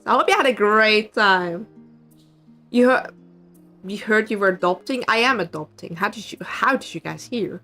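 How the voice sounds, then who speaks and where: A woman's voice: mid-range voice, very animated, slow pace, pauses often, sharp tone, faint music behind. A woman streamer chatting casually with her viewers in a giggly, playful, teasing manner. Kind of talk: casual live-stream chat.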